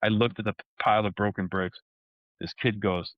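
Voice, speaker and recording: A man telling a story in a lively way, with sound effects and acted-out dialogue. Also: fairly low pitch, fairly quick, no room sound, narrow, tinny audio. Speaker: co-host and martial arts competitor. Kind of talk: animated casual storytelling.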